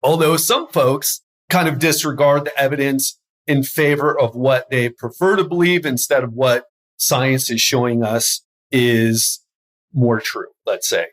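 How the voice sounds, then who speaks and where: A man's voice: medium pitch, fairly even intonation, a little slow. A man hosting a health podcast as a coach, talking energetically and stumbling over his words now and then. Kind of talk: solo podcast monologue.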